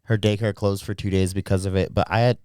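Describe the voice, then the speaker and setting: A man hosting a podcast, talking in blunt casual chat full of swearing and quick restarts. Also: fairly low pitch, level tone, darkish tone, smooth, no echo, studio quality. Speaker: podcast host.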